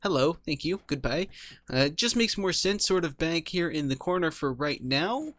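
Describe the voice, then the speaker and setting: A man giving casual commentary over his own gameplay, thinking out loud about his build and laughing easily. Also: fairly high pitch, animated, moderate pace, no echo. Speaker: Minecraft let's player.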